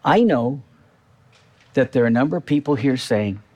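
A man's voice: mid-range voice, expressive, normal speed, warm tone, highs cut off. A male pastor preaching a sermon in a church, talking to the congregation in a conversational way and repeating key phrases.

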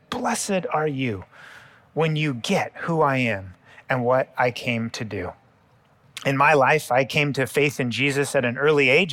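Male pastor, sermon delivery, earnest and explanatory, slightly raised pitch. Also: a bit bright. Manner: earnest, explanatory preaching with paraphrased quotes.

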